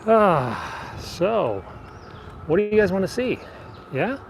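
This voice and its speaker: A man's voice: high-pitched, sing-song, takes it slowly, creaky, low-quality recording. Man livestreaming from a bike outdoors. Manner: chatty, talks to viewers, thinks aloud. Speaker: livestreaming vlogger. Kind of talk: live-streamed tour while biking. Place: outdoors on a city street while riding a bike. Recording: outdoor phone stream with loud street noise. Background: street ambience and traffic.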